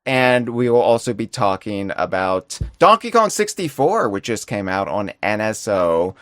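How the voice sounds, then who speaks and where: A man co-hosting a casual live-streamed podcast, chatting playfully with quick asides and rambling tangents. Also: fairly low pitch, sing-song, fairly bright tone, dry recording, clean studio sound. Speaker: podcast co-host.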